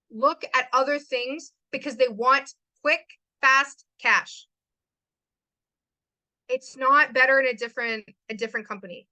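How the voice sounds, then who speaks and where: A woman's voice: high voice, sharp tone, dry recording, rough recording. A young woman hosting a motivational talk to a live chat, emphatic and given to repeating lines for stress. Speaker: host.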